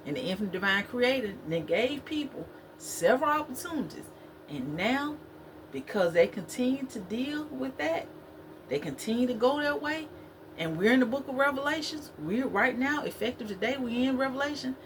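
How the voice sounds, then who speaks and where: A woman's voice: high voice, lively intonation, normal speed, a little hiss or hum. A woman giving a spiritual talk to her viewers, preachy and repetitive, in a conversational way. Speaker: spiritual vlogger.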